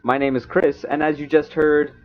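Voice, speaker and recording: A young man hosting a podcast in casual chat, teasing his guest and quick to laugh. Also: fairly high pitch, little pitch movement, faint music behind. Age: young adult. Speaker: podcast host. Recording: muffled lo-fi sound.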